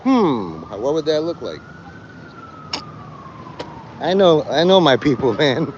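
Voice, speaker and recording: A man livestreaming outdoors on a rainy city street, rambling and joking, acting out quick voices and laughing often. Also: a little high, sing-song, muffled recording, noisy background.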